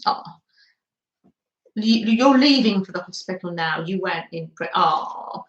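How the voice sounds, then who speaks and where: A woman's voice: on the low side, lively intonation, a little slow, reverberant, lo-fi sound. An English woman hosting a live crafting stream, chatting to viewers in a gushing way with frequent little laughs. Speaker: craft livestream host.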